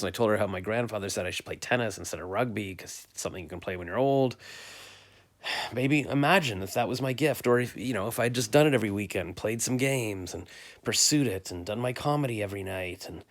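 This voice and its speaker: Chatty rambling man, low voice. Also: fairly quick. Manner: rambling, chatty, self-mocking. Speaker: vlogger. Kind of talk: casual daily recap vlog. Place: bedroom at home. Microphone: phone camera.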